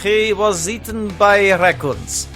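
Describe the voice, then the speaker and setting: A man's voice: medium pitch, moderate pace, pushed and bright, faint music behind. A man voicing a Soviet radio operator who poses as an American host, speaking in exaggerated broken English with a boastful announcer delivery. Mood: mock-announcer.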